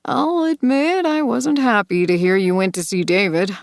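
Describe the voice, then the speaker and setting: A woman voicing a smooth, manipulative man in an audiobook thriller, speaking softly and coaxingly. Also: medium pitch, moderate pace, dry recording, clean studio sound, natural voice. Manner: soft, coaxing, sinister calm. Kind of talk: audiobook character voice.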